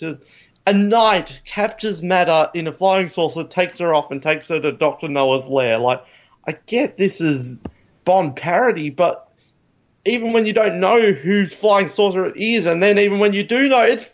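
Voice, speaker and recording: A man's voice: high voice, a little slow. Rambling podcast man reviewing a film. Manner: rambling, laughing, animated when amused. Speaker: podcast co-host. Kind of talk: casual film review chat.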